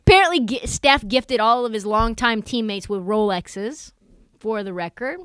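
A woman co-hosting a podcast, chatting about sports in an animated, jokey way and acting out quotes. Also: fairly high pitch, normal speed, smooth, no echo. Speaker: podcast co-host. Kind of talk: casual sports chat.

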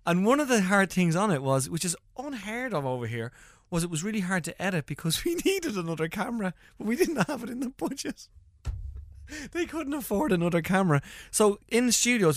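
An Irish man, a comedian being interviewed, telling stories in lively casual chat and acting out voices as he goes. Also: on the high side, no echo, studio quality. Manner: animated storytelling, acts out voices, laughs often. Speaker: comedian guest.

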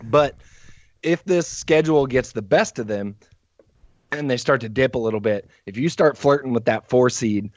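A man with a mid-range voice talks through the numbers in a measured, analytical way while he has the hiccups. His audio sounds dull and lo-fi. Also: mid-range voice, dry recording. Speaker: podcast co-host. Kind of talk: casual sports chat.

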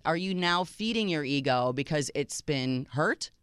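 A woman co-hosting a casual dating-advice show, animated, jumping high in pitch when she acts out quotes. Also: a little slow, few pauses, clean tone, dry recording, studio quality. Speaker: co-host. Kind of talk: casual podcast chat.

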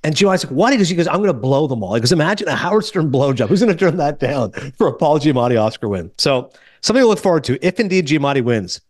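A man hosting a casual movie podcast, telling stories quickly and acting out the people he quotes. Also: a little high, dry recording, clean studio sound. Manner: fast, animated storytelling with quoted voices. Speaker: podcast host.

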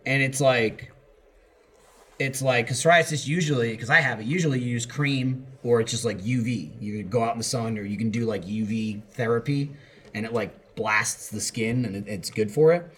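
A man's voice: mid-range voice, normal speed, slightly rough. Rambling profane American man. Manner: rambling and profane, with mocking asides. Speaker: podcast host. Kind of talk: casual chat.

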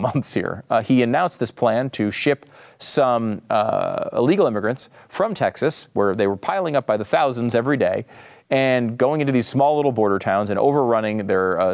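A man hosting a political talk show, his voice swooping up and down with lively intonation. He talks in an opinionated, sarcastic way, stacking emphatic asides. It sounds like a seasoned broadcast host. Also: medium pitch.

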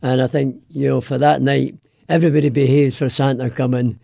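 A man's voice: mid-range voice, level tone, a little fast, vocal fry, no echo. A Scottish man from Scotland, a radio guest telling stories with good humor and frequent laughs. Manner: warm-humored, laughs often, storytelling. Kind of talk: radio interview.

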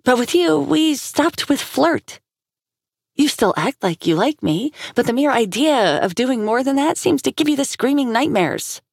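A woman's voice: mid-range voice, animated, moderate pace, a little mellow, dry recording, clean studio sound, voice pushed up. A woman voicing a frustrated young woman who speaks bluntly and heatedly. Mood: exasperated. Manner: heated, rising voice.

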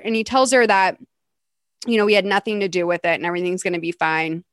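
A woman hosting a podcast, recapping a movie in casual, animated chat with lots of laughs and "like". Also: mid-range voice, fast, no echo. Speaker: podcast host.

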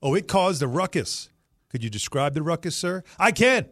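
Lively male sports radio host, dry sound. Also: on the high side, moderate pace, no room sound. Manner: lively, joking, conversational. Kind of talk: casual chat.

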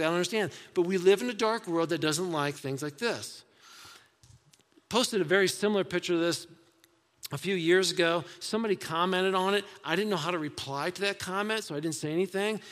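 A man's voice: high-pitched, a bit bright, big-room sound. A man preaching a sermon in a conversational way, asking the congregation rhetorical questions. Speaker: pastor.

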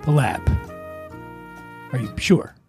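A man's voice: mid-range voice, expressive, slow, gravelly, over music. A man hosting a casual drinking-game quiz, playful and teasing as he reads questions. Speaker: host.

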